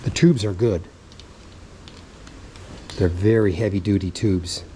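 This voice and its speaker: A man's voice: deep voice, fairly even intonation, slow pace, dark tone, a little hiss or hum, poor audio. A man casually talking through a bike tube repair in a vlog, rambling, muttering to himself and swearing now and then. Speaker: vlogger.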